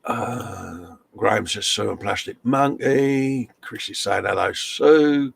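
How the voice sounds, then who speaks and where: A man's voice: fairly low pitch, slow pace, vocal fry, a bit bright, breathy edge, no room sound. A man co-hosting a casual live stream, chummy and joking as he reads out chat comments. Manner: chummy banter, reads chat messages aloud.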